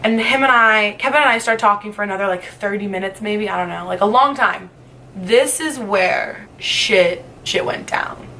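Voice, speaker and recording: A woman's voice: medium pitch, normal speed, pushed and bright, a little hiss or hum. A young woman vlogger telling a storytime tale in a chatty way, full of "like" fillers and casual swearing. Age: young adult. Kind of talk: storytime vlog.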